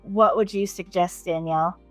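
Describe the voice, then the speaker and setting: A woman's voice: fairly low pitch, fairly even intonation, moderate pace, soft background music. A woman hosting a podcast interview, framing her questions around the audience's needs. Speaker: podcast host.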